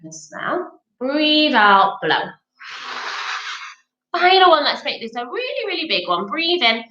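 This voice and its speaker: A woman's voice: sits high, sing-song, unhurried, sharp tone, echoey room, muffled recording. Sing-song woman teaching kids' yoga. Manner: playful, sing-song, coaxing children. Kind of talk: children's yoga class.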